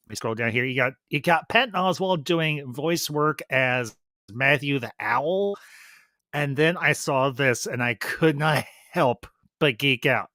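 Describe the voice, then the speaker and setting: A man talks through a series review on his own stream, eager and rambling, often restarting his sentences. His voice is bright and forward, recorded close and dry with no room sound. His pitch sits in the middle. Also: smooth, dry recording. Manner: enthusiastic, chatty, repeats and restarts phrases. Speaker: YouTube reviewer. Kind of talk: casual review livestream.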